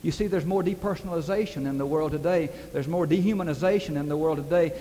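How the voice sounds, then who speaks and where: A man's voice: a little high, fast, few pauses, a little mellow. A man preaching a sermon, telling stories earnestly and building to emphatic questions. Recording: distant reverberant hall with faint hiss.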